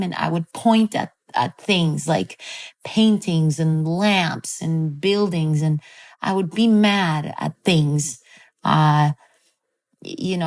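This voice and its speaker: A woman director, a guest on an interview show, telling a story in a casual, animated way, swearing freely and using many fillers. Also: on the low side.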